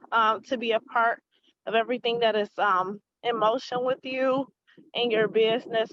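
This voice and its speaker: A woman guest joining a video call from dinner, relaxed and a little scattered, speaking affectionately. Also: a little high, highs cut off. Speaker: guest, peer trainer. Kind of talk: casual remarks on a video call. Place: restaurant, leaving dinner.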